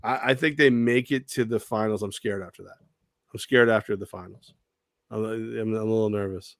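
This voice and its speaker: A man's voice: on the low side, a little fast, no echo. Sports show guy telling a story, acts out the quotes, dry close sound. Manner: animated storyteller who acts out quoted voices. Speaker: sports talk show co-host. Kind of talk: casual sports talk.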